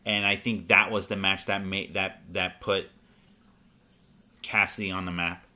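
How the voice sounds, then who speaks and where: A man hosting a casual chat about wrestling, talking in halting bursts with many pauses and restarts. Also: low voice, little pitch movement, sharp tone. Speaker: podcast host.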